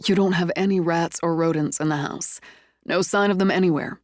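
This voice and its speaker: A level, soothing young man's lines read by a woman narrator in her own near-natural voice, dry and close. He sounds steady and reassuring. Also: on the low side, fairly quick, no room sound, natural voice. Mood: calm. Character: calm, steady young man boyfriend.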